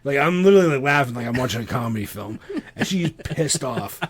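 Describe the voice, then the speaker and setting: A man co-hosting a casual podcast, telling a story in an ordinary mid-range voice. He swears freely and laughs easily at his own story. The tone is loose, chatty, and animated. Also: mid-range voice, fast, slightly rough. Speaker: podcast co-host.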